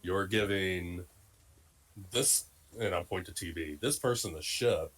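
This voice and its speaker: A man's voice: low voice, unhurried, fairly bright tone. A man playing a tabletop game, speaking casually and playfully in character. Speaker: player.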